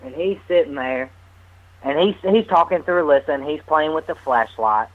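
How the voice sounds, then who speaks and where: Casual storytelling guy, animated and giggly, radio audio a bit muffled. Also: fairly high pitch, moderate pace. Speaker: guest medium's partner.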